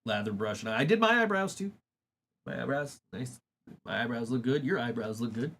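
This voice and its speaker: A man's voice: mid-range voice, lively intonation, normal speed, fairly bright tone, a little hiss or hum. A man hosting a podcast in casual chat, swearing freely and laughing through his stories. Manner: profane, laughing storyteller. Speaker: podcast host.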